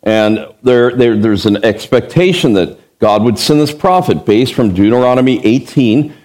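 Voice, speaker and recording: A man's voice: medium pitch, animated, normal speed, darkish tone. Emphatic male preacher teaching scripture. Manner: emphatic, asks rhetorical questions, acts out the quotes he reads. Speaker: pastor. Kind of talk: expository Bible sermon.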